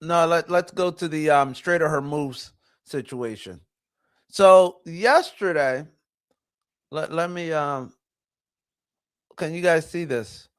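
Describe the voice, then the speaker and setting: Animated man hosting a commentary show. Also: fairly high pitch, slow, pauses often, clear, resonant tone. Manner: animated, rhetorical questions, mock voices. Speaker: show host.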